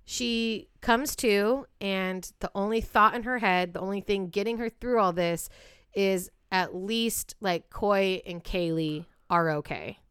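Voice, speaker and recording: Female podcast co-host, blunt and profane true crime storyteller, crisp tone. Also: mid-range voice, takes it slowly, fairly bright tone, no room sound, studio quality. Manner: blunt, profane, builds to heated outbursts.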